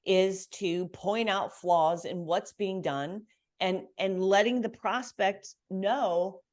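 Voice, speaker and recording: A woman coaching business owners on pricing and sales, talking in a brisk, emphatic, confident way. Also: mid-range voice. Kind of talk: coaching call.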